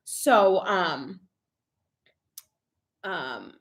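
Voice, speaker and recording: A woman's voice: fairly low pitch, animated, drawn-out words. A young adult woman vlogging in casual live chat, emotional and full of "like" fillers as she reads viewer comments. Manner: chatty and emotional, many "like" fillers.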